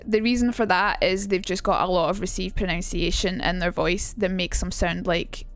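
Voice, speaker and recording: A woman's voice: lowish voice, fairly even intonation, normal speed, soft background music. A young woman with a Glaswegian Scottish accent, streaming a casual lesson, chatty and sweary and reading out her chat. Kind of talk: casual live-stream teaching.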